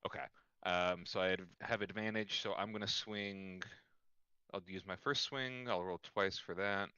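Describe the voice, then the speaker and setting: A man's voice: deep voice, steady tone, measured pace, bright, forceful tone, smooth, no echo. A man playing a tabletop game online, talking casually as he works through his dice rolls and rules questions. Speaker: player. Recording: slightly dull lo-fi audio.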